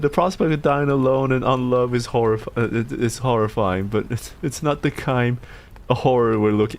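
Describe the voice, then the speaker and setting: A man streaming live, reading viewer submissions, excitable, swearing often and stammering over repeated words. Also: mid-range voice, moderate pace. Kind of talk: casual live-stream chat.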